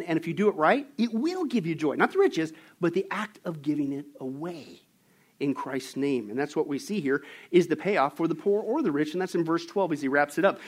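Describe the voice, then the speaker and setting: A man preaching a sermon, emphatic and animated as he tells stories. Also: high-pitched. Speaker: pastor.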